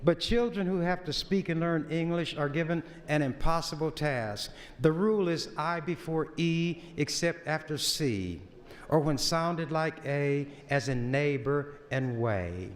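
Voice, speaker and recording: A man's voice: a little high, unhurried. A man who is a senator, giving a folksy, lecturing floor speech in a legislature. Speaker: state senator. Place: large legislative chamber. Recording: long reverb of a chamber.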